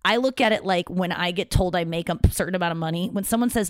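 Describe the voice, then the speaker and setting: A woman's voice: on the low side, fast, few pauses, dry recording. A young woman talking casually to her audience in a rambling, candid, self-deprecating way, swearing freely. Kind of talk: casual talking-to-camera monologue.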